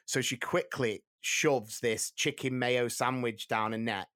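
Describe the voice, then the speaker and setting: An English man with a bright, ringing tone tells a story in easy, casual chat. He is animated and chuckles through the telling. The sound is dry and close, with no room echo. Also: mid-range voice, unhurried. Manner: animated storyteller who keeps laughing as he tells.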